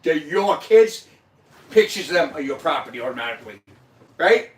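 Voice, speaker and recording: A man with a high voice that swings widely talks with raw emotion, swearing and hammering the same point again and again. He sounds set back from the mic in an echoey room. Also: sing-song, normal speed, recorded from a distance. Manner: emotional, profane, insistent and repetitive. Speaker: host. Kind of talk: casual livestream chat.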